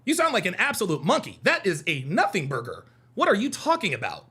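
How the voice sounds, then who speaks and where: A man's voice: high voice, huge pitch swings, fairly quick, bright, forceful tone, breathy edge. A man hosting a heated livestream, reading out chat comments and arguing with them in a combative, mocking way, repeating his points.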